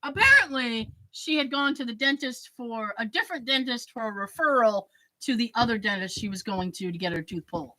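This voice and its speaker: A woman podcast host telling a story in casual chat, acting out the quoted dialogue with lively emphasis. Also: fairly high pitch, fairly quick, no room sound, rough recording. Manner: animated, acts out quoted dialogue.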